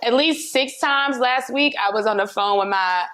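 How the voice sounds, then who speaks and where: Woman guest, animated, chatty business talk, mid-pitched voice. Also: fairly quick, few pauses. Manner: animated, acts out quoted voices, laughs. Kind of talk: casual conversation.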